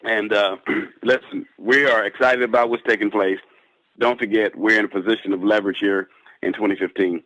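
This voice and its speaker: A man, a pastor, giving closing remarks on a conference call, unhurried, clearing his throat between thoughts. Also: lowish voice, steady tone, a bit bright, low-quality recording.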